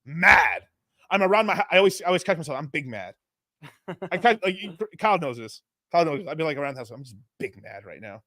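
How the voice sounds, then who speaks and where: A man's voice: mid-range voice, no echo, studio quality. A young man hosting a podcast, rambling and swearing as he riffs in casual chat. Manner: rambling, profane, animated storytelling. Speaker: podcast host.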